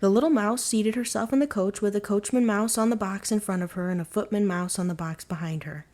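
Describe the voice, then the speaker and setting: A woman narrating a folktale as a bedtime story, calm and unhurried in her telling. Her voice sits at an ordinary middle pitch for a woman. The reading is even and soothing in its manner.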